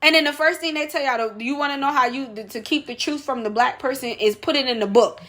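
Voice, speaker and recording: Woman going off on a rant, lots of repeated questions, high sharp voice. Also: fast. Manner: emphatic, repeats rhetorical questions, addresses viewers as y'all. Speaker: vlogger. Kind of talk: opinion rant to camera.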